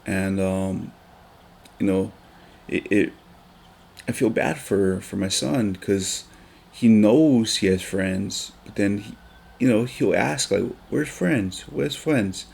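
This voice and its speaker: A man's voice: fairly low pitch, slow pace, gravelly, pauses often, a little mellow. A man, a teacher talking earnestly on a casual podcast with many ums and restarts.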